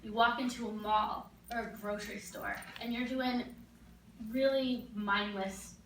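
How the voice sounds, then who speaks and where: A woman's voice: mid-range voice, fairly even intonation, unhurried, fairly bright tone, slight background noise. A young woman giving a graduate capstone presentation, earnest and explanatory, with frequent ums, in a classroom. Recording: echoey room, recorded from a distance.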